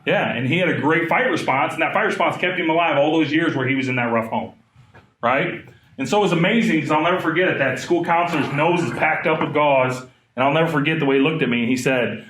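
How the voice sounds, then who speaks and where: Man in his 30s, slightly high voice, animated trainer asking questions of the audience, echoey room. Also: a little fast. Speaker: trauma trainer. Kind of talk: live training talk.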